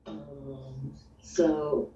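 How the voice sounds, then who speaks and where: A woman's voice: a bass voice, little pitch movement, very slow, dark tone, roomy sound. A woman playing a tabletop role-play game in a playful, laughing way, recorded distant and dull with faint noise. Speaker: player.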